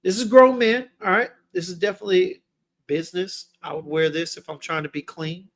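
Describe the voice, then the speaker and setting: A man with a fairly high voice for his sex, hosting a casual livestream review. He talks in a loose, slangy way straight to his viewers and thinks out loud as he goes. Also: fairly even intonation, brisk. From Texas. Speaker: fragrance reviewer, livestream host.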